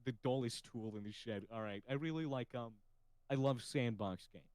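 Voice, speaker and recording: A man's voice: mid-range voice, normal speed, darkish tone, clean tone, no echo, rough recording. A man hosting a casual podcast chat, with a slightly nasal voice, who talks freely, swears casually and laughs often. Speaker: podcast host.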